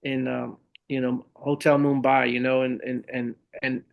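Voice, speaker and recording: A middle-aged man, a Marine veteran and speaker, telling his stories in an animated, conversational way as a podcast guest. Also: medium pitch, a little slow, vocal fry, phone-quality sound. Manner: animated storyteller who acts out the voices of others. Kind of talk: conversational interview storytelling.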